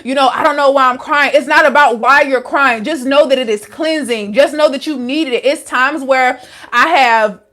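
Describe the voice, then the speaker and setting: Speaking at a normal pace in a high, fairly bright voice, a young adult wellness coach chats with her live-stream viewers. She answers them frankly and casually, leaning on slang and lots of "like."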